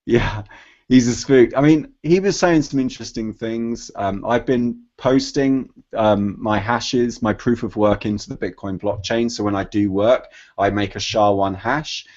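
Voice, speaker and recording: Low-voiced man chatting rambly. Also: unhurried, hardly any pauses, darkish tone. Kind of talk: casual chat. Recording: dull lo-fi podcast audio.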